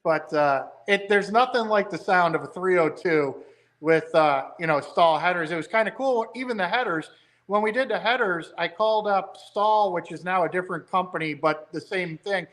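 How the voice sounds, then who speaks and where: A man's voice: sits high, normal speed, a bit bright. A man talking as a guest about building a car, telling rambling, enthusiastic stories. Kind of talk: casual chat.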